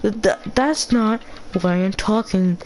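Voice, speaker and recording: A woman's voice: mid-range voice, a little slow. Casual woman gamer reading visual-novel lines aloud, stumbly and unrehearsed, with faint music behind. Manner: stumbling, restarts words while reading. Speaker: let's player. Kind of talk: reading game dialogue aloud.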